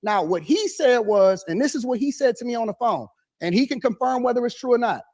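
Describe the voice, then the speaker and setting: A man calmly explaining his side of a dispute in a casual monologue. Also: very high-pitched, fairly quick.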